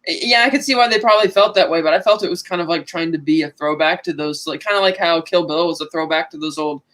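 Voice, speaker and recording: A man casually talking through a movie with his co-hosts, chatty and quick to laugh. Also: on the high side, a bit bright. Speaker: podcast co-host.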